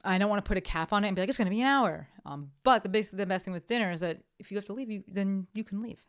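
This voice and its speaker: Speaking in a mid-range voice at a racing pace, a woman hosts her own podcast, keeping it chatty and upbeat while correcting herself mid-sentence. Her sign-off is cheerful, and the studio sound is clean with no echo.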